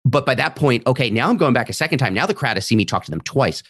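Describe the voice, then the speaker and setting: Male comedian, podcast guest, lively up-and-down delivery, slips into quick character voices for quotes. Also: mid-range voice, no room sound, studio quality. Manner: animated, acts out audience members' voices in quotes. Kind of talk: casual podcast storytelling.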